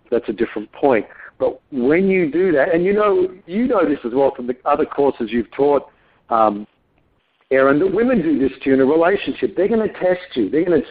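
Male talk-radio host, reflective and probing, tinny phone-like audio. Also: mid-range voice. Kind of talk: radio talk show interview.

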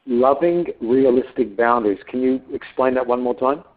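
A man's voice: mid-range voice, normal speed. Male talk-radio host, reflective and probing, tinny phone-like audio. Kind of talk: radio talk show interview.

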